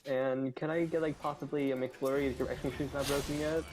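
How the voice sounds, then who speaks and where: A woman's voice: a bass voice, fairly even intonation, quick pace, heavy background noise, pitched below the performer's own voice. A woman putting on a voice as a rambling, chatty drive-through customer placing an order. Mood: joking.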